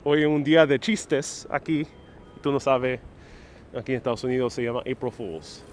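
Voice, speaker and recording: A man's voice: mid-range voice, fairly quick, slight background noise. A man hosting a joking live stream as he walks outdoors on a city street, talking in a sarcastic, playful way into a wireless lapel mic. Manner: sarcastic, playful, laughs often.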